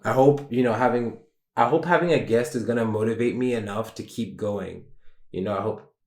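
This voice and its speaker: A man's voice: mid-range voice, a little fast, darkish tone. A young man hosting a solo podcast, talking in a rambling, emotional, candid way and swearing casually. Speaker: podcast host. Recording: roomy echo.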